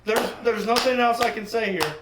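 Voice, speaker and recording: A podcast co-host trading deadpan quips and swearing freely in casual chat. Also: medium pitch, normal speed, noisy background. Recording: roomy echo.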